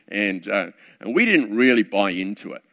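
A man's voice: fairly low pitch, sing-song, normal speed. A middle-aged man preaching, telling a story from his working life in a conversational, wry way with many asides. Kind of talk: storytelling sermon. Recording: dull lo-fi recording.

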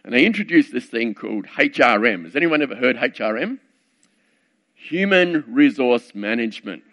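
A man's voice: mid-range voice, expressive, moderate pace, fairly bright tone. A middle-aged man preaching, telling a story from his working life in a conversational, wry way with many asides. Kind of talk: storytelling sermon. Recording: dull lo-fi recording.

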